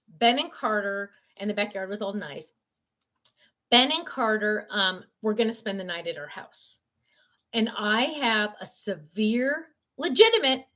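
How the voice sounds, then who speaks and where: A woman's voice: medium pitch, fairly bright tone. An older woman hosting a casual livestream from home, reading viewer comments aloud and chatting in a rambling way with many fillers. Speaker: live-stream host.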